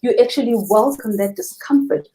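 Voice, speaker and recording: A young South African woman, a freediving instructor, speaks as a guest in a live interview. Her voice is slightly high, slightly quick, and husky, and she talks earnestly and expressively, describing the ocean with real love.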